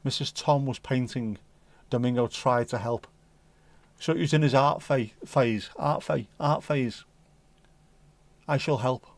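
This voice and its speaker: A man's voice: mid-range voice, steady tone, unhurried, creaky, no echo. A man hosting a casual livestream who reads viewer comments in a jokey, rambling, playful way. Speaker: livestream host.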